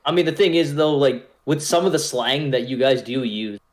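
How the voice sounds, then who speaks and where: A man's voice: medium pitch, normal speed. A man co-hosting a casual podcast chat, easygoing and asking questions. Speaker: podcast co-host.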